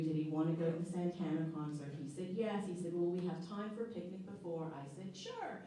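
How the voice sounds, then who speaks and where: A woman's voice: lowish voice, dark tone. Chatty woman telling a story in an echoey hall. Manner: chatty, laughing often. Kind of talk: live personal storytelling. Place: stage at a live storytelling show. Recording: echoey hall, distant mic, faint noise.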